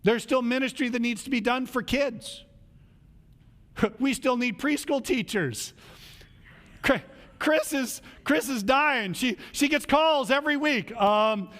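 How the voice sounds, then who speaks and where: A man's voice: very high voice, measured pace, fairly bright tone, long reverb tail. A male pastor preaching a casual, conversational sermon in a church, acting out the voices of people he quotes.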